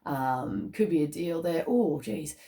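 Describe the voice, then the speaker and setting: A woman's voice: low voice, expressive, slow pace, mellow. A woman giving a casual, emotional spiritual card reading, chatty and checking in with "okay?" and "all right?". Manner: emotional, easily moved. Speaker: psychic card reader.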